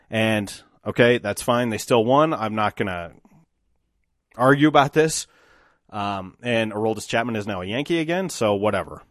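Solo podcast host, man, mid-pitched, excitable storyteller, dry close mic. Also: no echo. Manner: excited, animated storytelling with emphatic outbursts.

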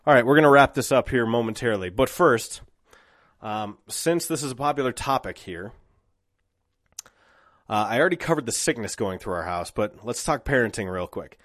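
A man's voice: medium pitch, lively intonation, moderate pace, dry recording. A man in his thirties hosting a solo podcast, talking in a reflective, rambling way with restarts. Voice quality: dry mouth. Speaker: podcast host.

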